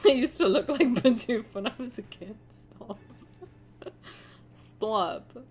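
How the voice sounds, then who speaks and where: A woman's voice: fairly high pitch, fairly quick, darkish tone, soft background music. A young woman streaming a game, chatting playfully with her chat, teasing and swearing freely. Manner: answers chat messages aloud. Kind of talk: casual livestream chat.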